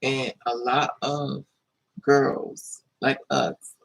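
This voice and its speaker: Gravelly-voiced man telling an animated story. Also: very slow, low-quality recording. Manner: animated, acts out voices with high-pitched squeals. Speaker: live streamer. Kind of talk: casual storytelling monologue.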